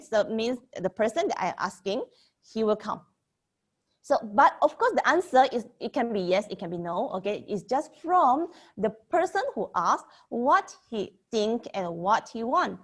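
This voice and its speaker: Woman teaching Mandarin, bright-voiced. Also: a little high. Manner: explains slowly, repeats example sentences, frequent "okay?" checks. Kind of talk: online language lesson.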